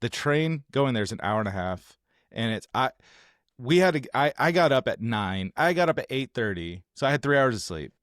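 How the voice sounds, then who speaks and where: A man from the United States co-hosting a podcast, telling a travel story in animated, casual chat and acting out what people said. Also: medium pitch, normal speed, no echo, clean studio sound. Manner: animated storytelling, acts out quotes. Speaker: podcast co-host.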